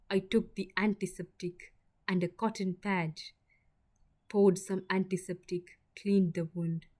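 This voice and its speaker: A woman reading a sad first-person story aloud in a measured, soft narrating style. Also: lowish voice.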